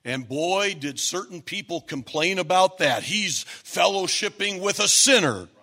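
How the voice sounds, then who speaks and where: Male preacher, high voice, unhurried sermon delivery, emphatic with shouted peaks. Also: expressive. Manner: emphatic, rising to shouts at key points; repetitive, stacked phrases.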